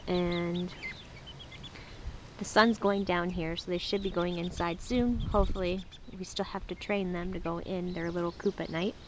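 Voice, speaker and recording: A woman with a steady voice at normal speed vlogs casually beside her backyard chicken coop, showing off the birds on a handheld camera. She chats away and calls to them in a high, coaxing voice. Chickens and ducks can be heard, along with a little hiss or hum.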